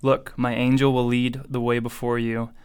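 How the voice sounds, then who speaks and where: The Lord as a stern, almighty God, read by a man. The voice is very smooth and resonant, and its pitch barely moves. It speaks in even, measured words from a scripture reading. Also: natural voice.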